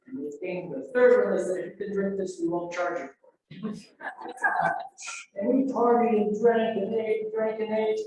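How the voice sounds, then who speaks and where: Older man, high voice, animated storytelling, far from the mic, very echoey room. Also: slight background noise. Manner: animated, acts out quoted voices and sound effects. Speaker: storyteller at an alumni event. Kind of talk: anecdotal storytelling. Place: event room.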